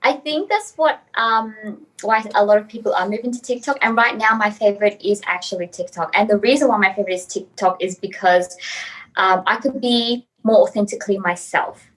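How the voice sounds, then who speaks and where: A woman from Australia, a guest on a casual podcast interview, telling stories in an animated, giggly way with many fillers. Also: medium pitch, fairly quick, low-quality recording.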